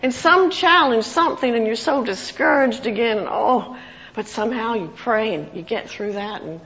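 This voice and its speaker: A woman's voice: a little high, normal speed. A woman giving an informal sermon, reading scripture expressively and chatting with the congregation. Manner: expressive, reads scripture with rising emotion. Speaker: lay preacher. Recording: muffled, echoey hall.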